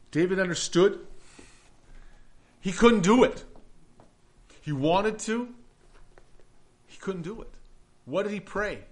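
A man preaching a sermon as pastor, earnest, swinging from loud emphasis to hushed prayer. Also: high-pitched, expressive, takes it slowly, pauses often.

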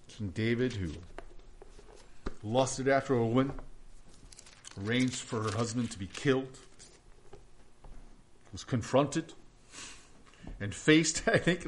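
A man preaching a sermon as pastor, earnest, swinging from loud emphasis to hushed prayer. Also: mid-range voice, slight background noise.

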